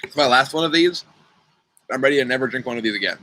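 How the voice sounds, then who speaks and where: Running a riddle game for an online youth group, a young man talks fast and animatedly in a mid-range voice, playful and chatty as he speaks to kids by name. His computer mic on the video call picks up background noise.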